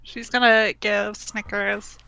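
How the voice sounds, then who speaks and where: A woman playing a tabletop role-playing game, slowly describing her character's actions. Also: mid-range voice, level tone, creaky, a crowd in the background, poor audio. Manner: slow, describing actions in third person. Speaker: player.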